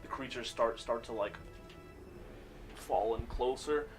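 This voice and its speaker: A man narrating a tabletop game as game master, unhurried and pausing for words with many fillers. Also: medium pitch, soft background music.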